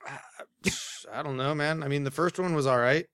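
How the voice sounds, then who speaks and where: A man's voice: on the high side, a little fast, a bit bright, smooth, no echo, clean studio sound. A man co-hosting a casual movie podcast, trading sarcastic teasing banter. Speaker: podcast co-host.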